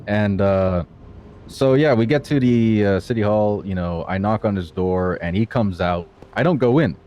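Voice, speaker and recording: In a roleplay, a man playing an accused client tells his side of events in a loose, rambling way, swearing a lot. His voice is fairly low and warm at a normal pace, and the audio is dull with a little hiss or hum.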